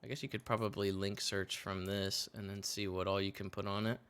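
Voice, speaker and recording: Bright-voiced excitable male gamer. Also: lowish voice, a little fast, smooth. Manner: swearing, laughing, excitable outbursts. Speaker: streamer. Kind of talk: casual gaming stream chat.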